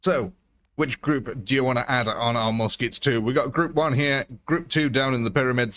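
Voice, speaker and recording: A man's voice: mid-range voice, moderate pace, a bit bright. A man hosting a live game stream in a casual, chatty, jokey way, laughing often.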